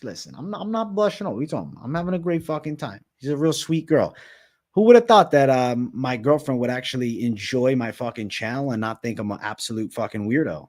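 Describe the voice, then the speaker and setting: Young man, from Massachusetts, livestream host, casual chat, constant swearing, mid-pitched voice. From Massachusetts, USA. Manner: loose and profane, swears constantly. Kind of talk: casual livestream chat, reading viewer comments.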